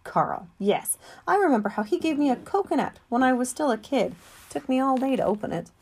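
Woman audiobook reader, calm and measured storybook narration. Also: high-pitched, husky.

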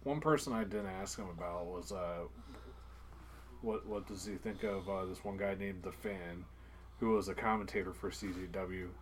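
A man with a lowish voice, co-hosting a podcast in loose casual chat. He teases his partner and keeps steering the talk toward crude jokes. A faint hiss sits under his voice. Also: moderate pace. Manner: teasing, crude joking banter. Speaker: podcast co-host.

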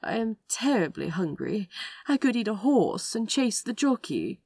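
A woman voicing a polite, genteel gentleman writer who speaks in a slightly flustered, fussy way in a storybook reading. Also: a little high, big pitch swings, measured pace, slightly rough, dry recording, clean studio sound, voice pushed up, full character voice. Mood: plaintive.

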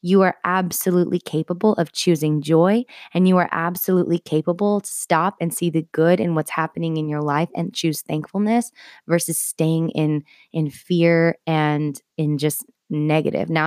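A woman's voice: low voice, darkish tone, dry recording, studio quality. A woman in her thirties hosting a podcast, giving an earnest, heartfelt talk of faith-based encouragement with casual asides. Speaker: podcast host.

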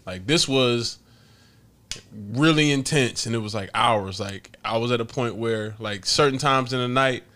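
A man's voice: medium pitch, unhurried, fairly bright tone. A man hosting a podcast, telling stories casually, laughing often and swearing freely. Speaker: podcast host. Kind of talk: casual storytelling.

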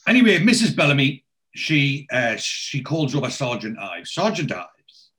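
A man's voice: medium pitch, very animated, moderate pace, a bit bright. A man in casual chat, retelling a TV episode scene by scene and lightly acting out the characters' lines.

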